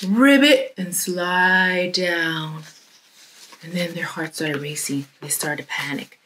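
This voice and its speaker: A woman's voice: on the low side, takes it slowly, pushed and bright, slight background noise. A woman telling a children's story in a church, speaking expressively and dropping to a whisper for suspense.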